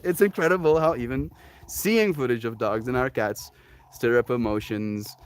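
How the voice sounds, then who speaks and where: A man's voice: mid-range voice, moderate pace. A young man on a casual solo live stream, rambling playfully and slipping into baby talk with his pets.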